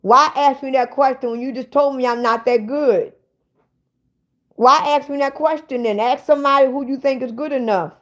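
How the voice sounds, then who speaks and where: A woman's voice: high-pitched, moderate pace, highs cut off. A woman hosting a casual livestream, bluntly ranting and swearing at viewers in the chat. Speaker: livestream host.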